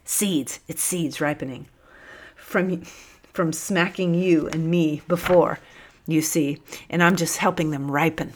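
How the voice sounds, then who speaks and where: A boisterous, hefty male prisoner who bursts out in excited exclamations and friendly teasing, as a woman reads him in an audiobook. The voice sits fairly low and never strays far from the reader's own. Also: takes it slowly, a little hiss or hum. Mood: sly whisper. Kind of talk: audiobook character voice.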